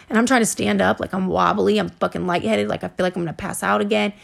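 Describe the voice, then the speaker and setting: A woman recounts her own life on her podcast in a loose, unscripted monologue. Her voice carries a steady gravelly fry, and her talk is halting, packed with fillers and blunt swearing, pitched around the middle for a woman. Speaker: podcast host. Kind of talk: personal storytelling monologue.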